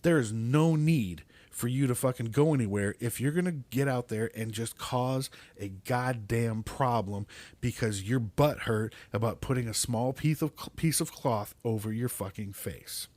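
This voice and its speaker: A man's voice: mid-range voice, a little slow, darkish tone, no room sound. A middle-aged man hosting a podcast, ranting angrily and swearing constantly, sometimes tripping over his words. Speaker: podcast host. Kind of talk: profane ranting monologue.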